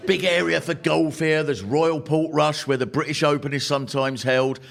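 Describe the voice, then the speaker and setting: A man doing a wry, animated stand-up comedy routine to a live audience. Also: fairly high pitch, moderate pace, gravelly. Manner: wry, animated, punchline-driven. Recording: noisy live recording with audience laughter.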